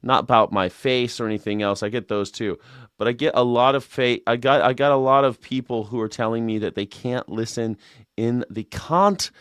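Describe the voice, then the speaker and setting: A man's voice: mid-range voice, normal speed, a bit bright, clean tone, no room sound, clean studio sound. A man hosting a casual livestream news and culture commentary show, rambling and jokey with self-mocking asides. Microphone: desk mic with monitors.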